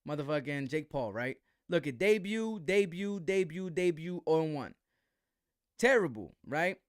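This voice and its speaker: A man's voice: fairly high pitch, expressive, a little slow, no echo, clean studio sound. A man hosting a live boxing commentary stream, talking in slang with a defensive tone and asking "right?" again and again.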